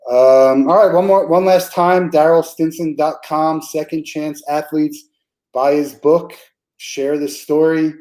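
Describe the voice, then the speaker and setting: A man's voice: on the high side, steady tone, a little slow, darkish tone, rough recording. A man hosting a podcast interview, chatting casually, with frequent restarts and fillers. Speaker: podcast host.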